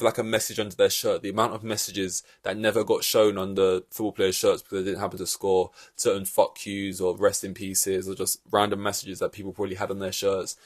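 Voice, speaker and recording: A man hosting a casual podcast, rambling in animated reaction chat with loose swearing and lots of fillers. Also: lowish voice, no echo. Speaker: podcast host.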